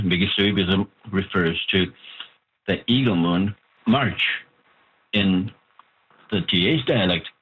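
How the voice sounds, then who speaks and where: A man, an author of a language book, giving measured, explanatory interview answers with pauses. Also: fairly low pitch, slightly rough. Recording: tinny phone-like line.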